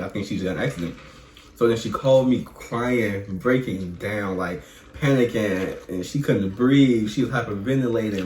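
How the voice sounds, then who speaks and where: Laid-back young man in an echoey room. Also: mid-range voice. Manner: relaxed, slangy, laughing as he tells it. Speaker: co-host, vlog guest. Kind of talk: casual storytelling. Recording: echoey room with faint hum.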